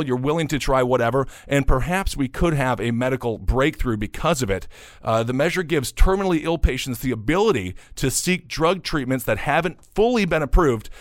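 Male host, mid-pitched, sarcastic political commentary, filler-heavy delivery, dry close sound. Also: no room sound. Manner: sarcastic, opinionated, many fillers. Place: New York.

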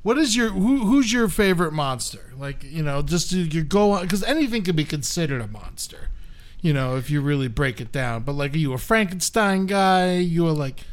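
A man's voice: fairly high pitch, lively intonation, normal speed. A man hosting a casual comedy podcast, joking, swearing freely and laughing often. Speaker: podcast host.

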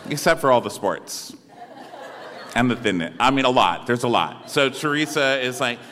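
A man co-hosting a live podcast, recapping an episode with campy jokes and quick impressions. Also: mid-range voice, lively intonation, bright, forceful tone. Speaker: podcast co-host. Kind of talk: comedic recap chat. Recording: live venue with hall reverb.

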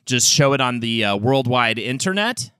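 Bright rambling man in a dry room. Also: medium pitch, animated, normal speed, clear, resonant tone, no echo. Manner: rambling, full of fillers and restarts. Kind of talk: casual comedic chat.

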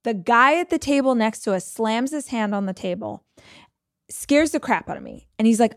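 A woman's voice: on the high side, lively intonation, moderate pace, no echo, studio quality. A woman hosting a podcast, telling a personal story in a conversational, emotional way with many fillers. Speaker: podcast host.

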